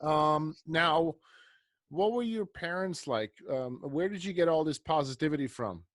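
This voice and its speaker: A man's voice: a little high, lively intonation, unhurried, no room sound, clean studio sound. A man hosting a podcast interview, reacting with enthusiasm and asking follow-up questions. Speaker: podcast host. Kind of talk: casual interview chat.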